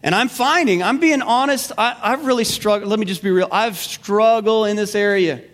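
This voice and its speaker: A male pastor with a high voice preaches with animation, throwing questions to the congregation and repeating his key lines. His words carry through a long reverb in a church sanctuary. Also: moderate pace, fairly bright tone. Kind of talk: sermon.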